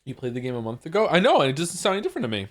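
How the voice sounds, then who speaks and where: A man hosts a live game stream and chats casually with his viewers. He reads their messages aloud and answers them with a talkative, wry edge. His pitch sits at an ordinary height, but it swings around animatedly as he talks. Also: wildly swooping pitch, very fast.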